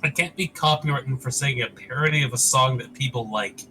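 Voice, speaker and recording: A man's voice: mid-range voice, fast talker, distant mic, over music. A man playing a tabletop game on a live stream, teasing the others with crude banter.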